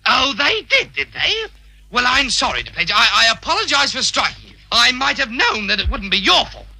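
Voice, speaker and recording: Flustered schoolmaster, stammering, bouncy pitch, vintage radio comedy. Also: male voice, sing-song, normal speed, vocal fry, bright, forceful tone, heavily acted. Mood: apologetic. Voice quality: stammering, blustering. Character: flustered stammering middle-aged male schoolmaster. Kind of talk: 1940s radio comedy acting.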